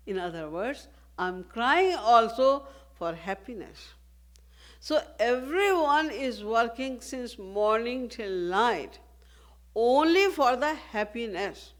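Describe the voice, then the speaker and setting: A woman spiritual teacher giving a devotional discourse, speaking in a measured way and posing rhetorical questions. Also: a little high, expressive.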